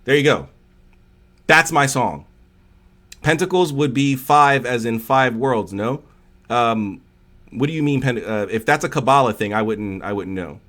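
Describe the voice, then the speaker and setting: A man's voice: medium pitch, measured pace, a bit bright. A man hosting a casual livestream chat who rambles off on tangents with lots of fillers and answers chat comments aloud. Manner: rambling, digressive, heavy on fillers. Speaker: livestream host.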